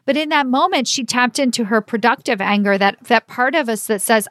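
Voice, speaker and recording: A woman's voice: a little high, a little fast, few pauses, a bit bright, no room sound, studio quality. A middle-aged woman, a leadership coach talking through a solo podcast episode in an earnest, chatty way, full of "like" and "right?". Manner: conversational, fillers like "like" and "right?".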